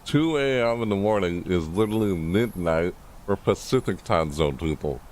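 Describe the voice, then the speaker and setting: A man streaming a live reaction, thinking aloud, rambling and correcting himself, with excitable bursts. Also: moderate pace, slight background noise. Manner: excitable, bursts into high shouts.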